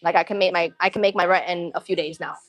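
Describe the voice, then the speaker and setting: A woman's voice: fairly low pitch, steady tone, quick pace, soft background music. A woman livestreaming from a gym between sets, chatting casually and rambling in laid-back slang as she answers her chat.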